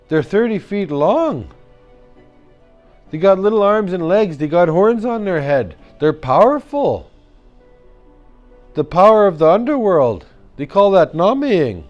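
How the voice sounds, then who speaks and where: Animated man telling a children's story. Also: sits high, lo-fi sound. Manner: animated, with sound effects and call-and-response.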